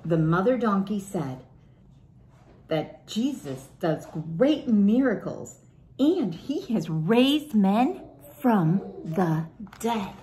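An older woman reading a children's picture book aloud in a gentle, unhurried storytelling manner. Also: mid-range voice, big pitch swings. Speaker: storybook reader.

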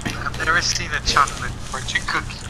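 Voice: medium pitch, fairly quick, a crowd in the background. A person chatting casually with a teasing, wry manner while playing a video game together. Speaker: gaming partner. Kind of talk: casual gaming chat. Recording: noisy background.

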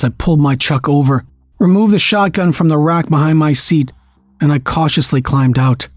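A man narrating a first-person story in a steady, tense storytelling manner. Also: a little high, no room sound. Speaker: audiobook narrator.

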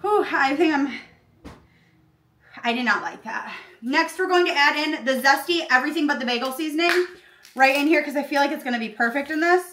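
A woman hosts a comedic cooking tutorial with a high, bright, sharp voice. She talks in an aggressive, deadpan, complaining way, uncomfortable in a costume. The sound is echoey, with a faint hiss behind her. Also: a little fast. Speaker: cooking show host. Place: home kitchen.

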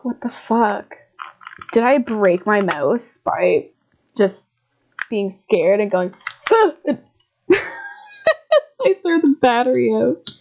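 A woman's voice: on the high side, sing-song, drawn-out words, long pauses, darkish tone, highs cut off. A woman streaming a horror game, swearing and laughing at her own scares as she comments. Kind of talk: live gameplay commentary.

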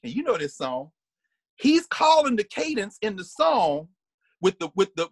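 A man giving an animated, conversational lecture as a guest. He often restarts his sentences and hums or sings short snippets to make his points. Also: sits high, measured pace, husky, no room sound.

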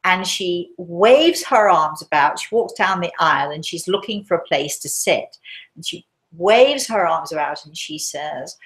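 An English woman, a spiritualist medium, telling a story live and dropping to a hushed, gentle voice when quoting herself. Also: on the low side, lively intonation, a little slow, rough recording.

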